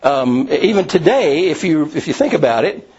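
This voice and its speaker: A man's voice: fairly high pitch, big pitch swings, moderate pace, a little mellow, breathy edge. A man teaching a Bible study class, explaining in a rambling way with many restarts and asides. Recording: dull lo-fi recording.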